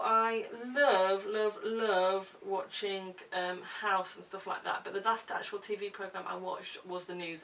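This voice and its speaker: A woman's voice: mid-range voice, gravelly, fairly bright tone. A young woman chatting casually to camera as a vlogger, giggly and full of ums. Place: room at home. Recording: distant camera mic with hiss.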